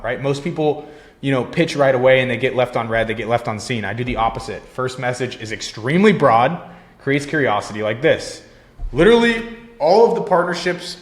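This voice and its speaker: A young man giving a casual sales lesson, blunt and confident, swearing freely and tagging lines with "right?". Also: mid-range voice. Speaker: sales coach. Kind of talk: casual instructional talk.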